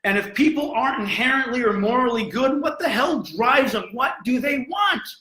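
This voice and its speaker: A man's voice: very high-pitched, animated, normal speed, sharp tone, voice pushed up, exaggerated voice. A man voicing an agitated male Renaissance thinker who fires off urgent, exasperated questions. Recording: roomy echo.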